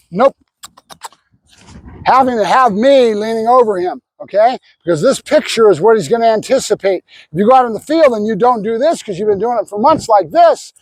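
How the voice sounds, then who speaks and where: High-voiced dog trainer, dry close sound. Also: male voice, a little mellow, dry recording. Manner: explains while giving the dog short praise cues. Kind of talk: hands-on training demonstration.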